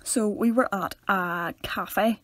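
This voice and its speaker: A young Northern Irish woman co-hosting a podcast, teasing and often trailing off into a soft mumble. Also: medium pitch, slow, no room sound. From Northern Ireland. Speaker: podcast co-host. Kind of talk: casual chat.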